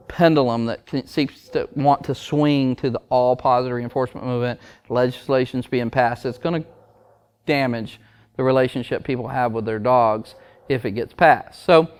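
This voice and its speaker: A man's voice: mid-range voice, clear, resonant tone. A man, a dog trainer, ranting to camera in a blunt, emphatic, preachy way. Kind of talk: opinion rant to camera.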